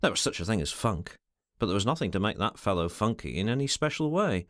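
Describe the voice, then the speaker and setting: A male audiobook narrator tells a classic story in a measured, expressive manner. His pitch moves widely through each sentence, and the recording is dry and close with no room sound. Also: dry recording. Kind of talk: scripted narration of a classic novel.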